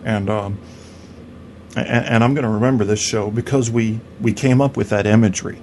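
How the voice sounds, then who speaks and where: A man's voice: lowish voice, fairly even intonation, normal speed, darkish tone, a little hiss or hum. A man hosting a podcast in a crude, rambling comedic rant, swearing and stammering through restarts. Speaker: podcast host.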